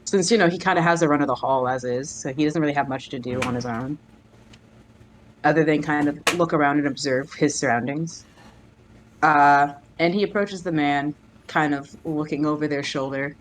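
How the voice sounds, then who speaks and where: A woman's voice: low voice, normal speed, a little hiss or hum. A woman casually describing her character's actions in a tabletop game, hedging with "kind of" as she talks. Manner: casual and hesitant, full of "kind of". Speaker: player.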